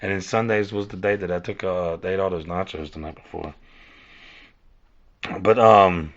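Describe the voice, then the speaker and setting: A man's voice: sits low, steady tone, normal speed. A man rambling casually through a monologue, cursing and restarting his sentences. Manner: rambling, repeats and restarts, cursing, addresses listeners as y'all. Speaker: podcast host. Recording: dull lo-fi recording.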